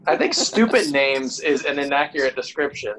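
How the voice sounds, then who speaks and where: A man's voice: on the high side, expressive, moderate pace, fairly bright tone, slight background noise, rough recording. A man casually chatting with friends, laid-back and laughing between remarks. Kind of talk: casual chat.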